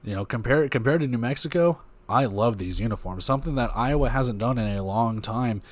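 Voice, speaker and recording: A man's voice: medium pitch, a little fast, no echo. A man hosting a casual sports recap, reading game stats and play-by-play in a rambling, conversational way. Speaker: podcast host.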